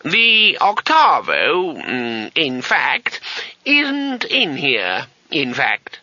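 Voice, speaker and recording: A lofty old wizard master drawls down his nose, slow and superior, as a male narrator puts him on. His voice sits higher than a plain reading voice and glides about a lot. The audio is dry and a little dull. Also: wildly swooping pitch, pushed and bright, no echo, exaggerated voice. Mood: embarrassed.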